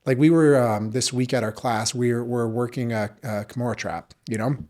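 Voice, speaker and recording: A man's voice: mid-range voice, steady tone, normal speed, a little mellow. A man, a jiu-jitsu coach and podcast guest, telling stories in a loose, rambling way with lots of fillers and casual swearing. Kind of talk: casual storytelling chat.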